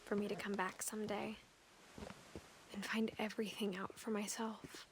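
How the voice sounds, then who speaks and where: A woman voicing a soft-spoken, pregnant young woman who narrates a video game in a hushed, breathy whisper, as a whispered role-play. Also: medium pitch, little pitch movement, normal speed, natural voice. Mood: wistful. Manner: reflective, quiet storytelling. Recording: recording with clear background noise.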